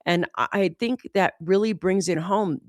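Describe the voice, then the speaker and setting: An American woman talking casually as a host, animated and often saying "like". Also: medium pitch, moderate pace, no room sound, clean studio sound. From United States. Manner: animated, says "like" often, mimics accents. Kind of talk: casual conversation.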